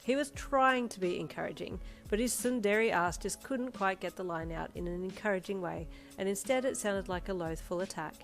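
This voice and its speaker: A woman narrating a fan fiction story in an expressive second-person reading. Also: medium pitch, normal speed, hardly any pauses, soft background music. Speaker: audiobook narrator.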